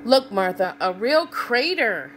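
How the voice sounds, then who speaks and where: A woman playing a patient storybook farmer who coaxes and reasons with his cow in a slow, gentle way. He pleads rather than orders. A faint hum runs behind him. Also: fairly high pitch, big pitch swings, heavily acted. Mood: coaxing. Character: patient, exasperated male farmer.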